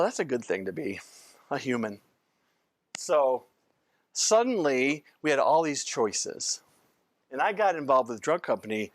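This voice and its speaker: A man's voice: medium pitch, no echo. Older man rambling through an anecdotal lecture. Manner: rambling, anecdotal, often breaks off and restarts sentences. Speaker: physician lecturer. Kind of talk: informal training lecture.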